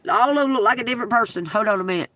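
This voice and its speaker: A woman streaming live from her phone, telling a story in an animated, emphatic and profane way. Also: on the high side, very fast, no echo. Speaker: livestreaming tarot reader. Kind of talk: casual livestream storytelling.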